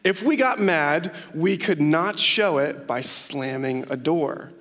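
A young man, a youth pastor, preaching a sermon and telling stories with lively emphasis and frequent laughs. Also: on the high side, slow pace. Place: church hall with long reverb. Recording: reverberant church hall.

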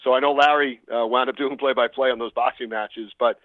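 A man, a sports broadcaster being interviewed, telling stories in a measured way with many pauses. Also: mid-range voice, fairly even intonation, dry recording. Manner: measured storytelling with frequent "uh" pauses. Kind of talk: casual interview answers. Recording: tinny phone line.

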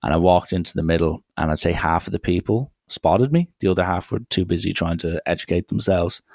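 Low gravelly young man. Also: dry recording, studio quality. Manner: wry, rambling storytelling with acted quotes. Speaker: storyteller. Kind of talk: casual anecdote.

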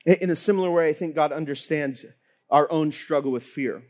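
High-voiced, animated male preacher. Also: normal speed. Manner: animated storytelling, acts out quoted voices. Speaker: pastor. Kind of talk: sermon.

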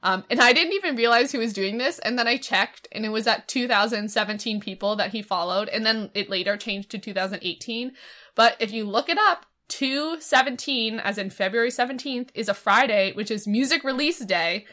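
A woman's voice: a little high, a little fast, bright, forceful tone. A young woman co-hosting a podcast, chatting casually with many fillers and laughs. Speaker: podcast co-host. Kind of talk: casual chat.

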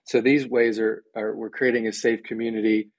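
A man's voice: on the low side, flat delivery, moderate pace, dry recording. A man being interviewed as a guest on a podcast, speaking with enthusiasm and often acting out the voices of people he quotes. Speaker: podcast guest, church ministry director. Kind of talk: conversational interview.

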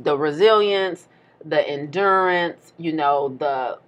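A woman's voice: low-pitched, slow. A woman co-hosting a casual podcast, talking in a playful, emphatic way and laughing often. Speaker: podcast co-host.

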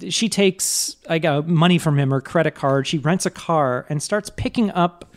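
A man co-hosting a movie podcast in casual chat, animated and laughing as he recaps the plot. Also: a little high, moderate pace. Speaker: podcast co-host.

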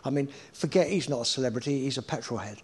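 A man, a guest telling an anecdote in a casual interview, animated and swearing freely, often checking in with "right?" as he goes. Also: mid-range voice, quick pace, slightly rough.

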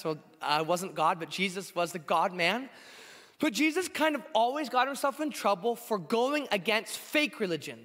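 A young man in his twenties preaches a sermon with a hoarse, high voice. He talks in an earnest, conversational way, full of little fillers. The sound rings out with the long reverb of a church hall. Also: a bit bright. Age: 20s.

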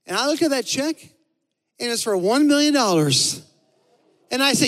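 A man preaching a sermon as a pastor, telling a story animatedly, dropping to a hush and then rising loud. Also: very high-pitched, big pitch swings, moderate pace, long pauses. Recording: long hall reverb.

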